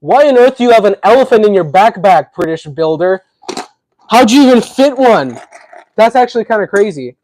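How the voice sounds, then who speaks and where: Man, livestream host, casual chat, answering viewers, slightly high voice. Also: lively intonation, moderate pace, darkish tone, a little hiss or hum, low-quality recording. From Tennessee. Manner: chatty, answers viewers' chat while building.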